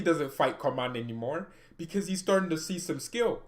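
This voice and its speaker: A man hosting a football reaction vlog, talking in an animated, jokey, rambling way. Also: medium pitch, a little fast, few pauses. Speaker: football reaction channel host. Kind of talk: casual reaction vlog commentary.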